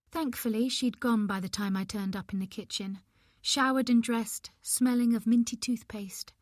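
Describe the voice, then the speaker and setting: A woman's voice: mid-range voice, a little mellow, dry recording, clean studio sound. A woman narrating a domestic thriller in the first person, with a tense, emotional delivery. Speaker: audiobook narrator.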